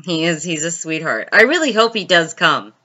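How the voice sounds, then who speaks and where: A woman's voice: lowish voice, sing-song, moderate pace, pushed and bright, highs cut off. A woman hosting a casual live stream, chatting and laughing as she answers viewers' comments by name.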